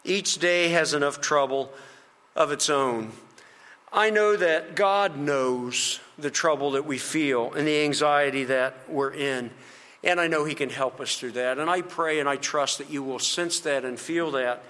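A man preaching a sermon as pastor, earnest and gently encouraging, with slow emphatic phrases. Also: fairly high pitch. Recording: reverberant hall sound.

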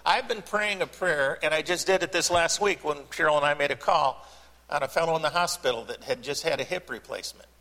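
Folksy pastor preaching in a church; bright, raised voice with a lingering hall reverb. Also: male voice, a little high. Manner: folksy, joking, with long pauses. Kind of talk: sermon. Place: church sanctuary.

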